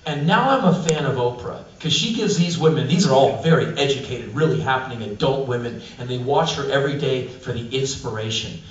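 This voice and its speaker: A man telling profane, animated stories at a live spoken-word show, recorded from a distance in an echoey, dull-sounding venue. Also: mid-range voice, a little fast, few pauses, a little hiss or hum. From United States. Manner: animated, profane, acts out quotes. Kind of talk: live comic storytelling.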